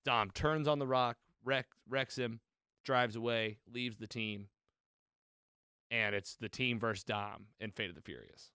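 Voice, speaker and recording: A man co-hosting a podcast, rambling through a movie recap with quoted lines and quick self-corrections. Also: medium pitch, fairly even intonation, fairly bright tone, clear, resonant tone, no echo, clean studio sound. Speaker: podcast co-host. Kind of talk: casual movie recap chat.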